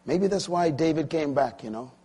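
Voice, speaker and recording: A man in his sixties preaching a sermon, swinging from quiet, intimate lines to loud, emphatic ones. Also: a little high, lively intonation, normal speed, husky. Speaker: pastor.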